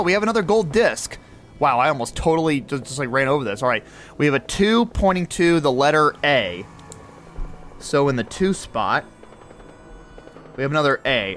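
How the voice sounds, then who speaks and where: A man hosting a podcast, excitedly talking through his own video game play as he goes. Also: medium pitch. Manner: excitable, narrates his every move aloud. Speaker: podcast host.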